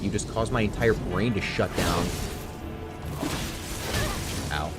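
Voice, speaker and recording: Deep-voiced man commentating a speedrun. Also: a little slow, pauses often. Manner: excitable, self-mocking, swears freely. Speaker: speedrunner commentating his own run. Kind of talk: casual gameplay commentary. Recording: game music clearly behind the voice. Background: game music.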